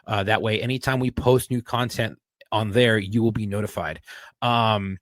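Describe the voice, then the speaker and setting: A man's voice: fairly low pitch, fairly even intonation, moderate pace, no room sound, studio quality. A man co-hosting a podcast, talking earnestly in casual chat and reading the outro, swearing often. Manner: earnest, profane, repeats himself. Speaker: podcast co-host.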